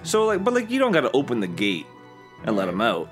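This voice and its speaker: A man's voice: medium pitch, wildly swooping pitch, brisk, faint music behind. A man co-hosting a casual podcast, arguing his points with profane banter. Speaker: podcast co-host.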